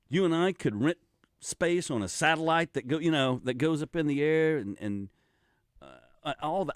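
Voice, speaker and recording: Animated older man hosting talk radio. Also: medium pitch, dry recording, studio quality. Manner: rambling, animated, with frequent restarts and laughs. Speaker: radio talk show host. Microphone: studio microphone.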